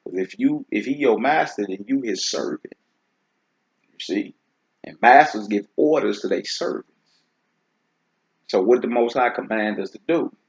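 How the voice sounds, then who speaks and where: A man's voice: mid-range voice, measured pace, pauses often, husky. A man hosting a casual Bible teaching talk, speaking in a laid-back, conversational way and often checking "you see what I'm saying?". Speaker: host teaching scripture. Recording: dull lo-fi recording.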